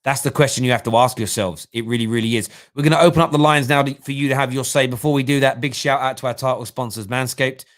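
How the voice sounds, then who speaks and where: A man's voice: mid-range voice, steady tone, fast, few pauses. A man hosting a live-streamed football fan talk show, giving opinionated analysis and thinking aloud with restarts.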